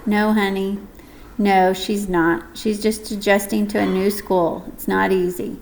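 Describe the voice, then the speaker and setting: A woman voicing a tired, tender mother who speaks softly and soothingly to her son. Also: medium pitch, level tone, unhurried, vocal fry, low-quality recording. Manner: soft and soothing.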